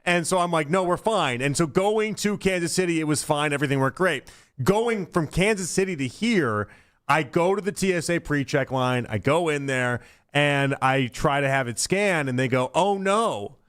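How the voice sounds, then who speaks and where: A man's voice: fairly high pitch, moderate pace, clear, resonant tone. A man hosting a sports radio show, chatting casually and acting out the people in his story as he tells it. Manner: animated storyteller who acts out exchanges.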